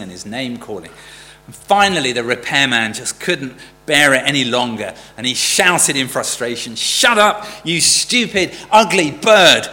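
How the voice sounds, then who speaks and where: A man preaches a sermon in a conversational, storytelling style and works in a joke. His medium-pitched voice sounds pushed and bright. The recording has church hall reverb and a faint hum.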